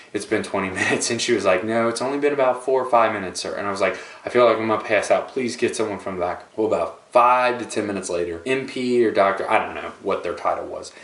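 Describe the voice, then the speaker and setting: Young man, vlogger, animated storyteller, lowish voice, roomy echo, a bit far from mic. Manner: animated, dramatic retelling with playful asides. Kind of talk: casual storytelling to camera. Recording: echoey room, voice a bit off-mic.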